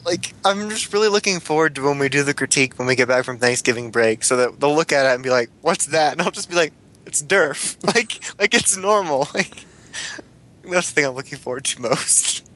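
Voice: mid-range voice, fairly quick, fairly bright tone. A co-host in a casual chat among friends who teases the others and tells stories with frequent laughter. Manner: giggly, teasing storytelling. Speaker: podcast co-host.

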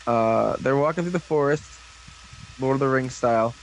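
A man casually recapping a show episode with a rambling manner, tossing in quick voices for the characters. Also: medium pitch, a little hiss or hum, poor audio. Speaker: podcast co-host.

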